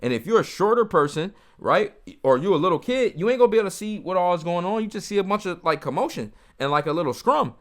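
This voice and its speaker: Animated man reacting to a video. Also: high voice, fast talker, few pauses. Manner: animated, talks straight to viewers, heated and mocking. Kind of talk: casual commentary over a video.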